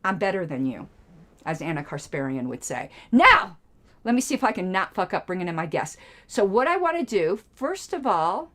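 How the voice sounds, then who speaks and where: A woman's voice: medium pitch, sing-song, normal speed, bright, forceful tone. A middle-aged woman hosting a live stream, ranting in a sarcastic, combative and profane way. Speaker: show host.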